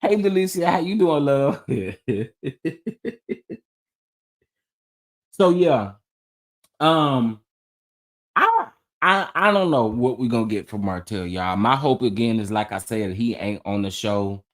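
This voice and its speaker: In this clip a man with a mid-range voice speaks slowly, leaving long pauses. He hosts a casual gossip chat show, telling his viewers stories in an animated way and laughing and exclaiming a lot.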